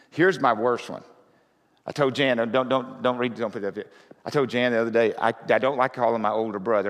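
Male pastor preaching in a reverberant hall. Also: mid-range voice. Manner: conversational, rises to loud fervent reading. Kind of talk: sermon.

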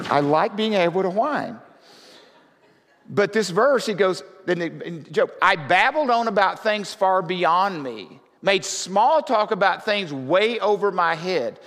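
A man preaching a conversational sermon as pastor, often rising to loud, fervent scripture reading. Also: sits high. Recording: reverberant hall.

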